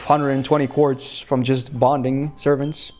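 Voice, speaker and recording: Young male streamer from Finland, relaxed rambling chat, medium voice. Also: medium pitch, measured pace, a little hiss or hum. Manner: relaxed, rambling, laughs often, answers chat. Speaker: game streamer.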